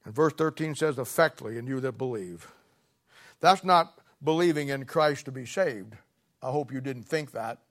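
A man preaching a sermon with a blunt, scolding, plain-spoken manner, swinging from quiet murmurs to loud emphatic peaks. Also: medium pitch, normal speed.

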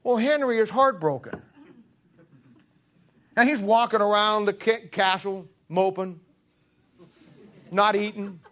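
A man's voice: high-pitched, slow pace, long pauses, a bit bright. A man preaching in a folksy, joking storytelling style, often repeating himself. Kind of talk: storytelling sermon.

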